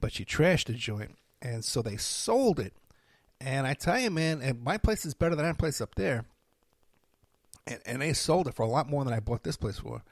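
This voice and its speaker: A middle-aged man, hosting a podcast and telling stories in a rambling, animated monologue. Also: mid-range voice, normal speed, no room sound. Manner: rambling, animated storytelling with laughs and asides. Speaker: podcast host.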